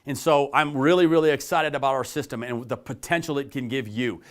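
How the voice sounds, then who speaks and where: A middle-aged man delivers a sales pitch with emphatic conviction. His voice sits at an ordinary male pitch, and he keeps leaning on repeated rhetorical questions to drive each point home. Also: fairly quick. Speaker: network marketing presenter. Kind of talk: persuasive sales pitch to camera.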